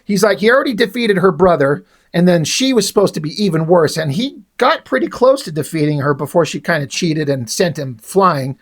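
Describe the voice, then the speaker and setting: A man's voice: fairly high pitch, sing-song, brisk, hardly any pauses. A man casually retelling the plot of a comic issue, reading its dialogue aloud in his own voice with only small shifts for the characters. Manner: reads dialogue aloud with little character voicing. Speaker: comic book reviewer.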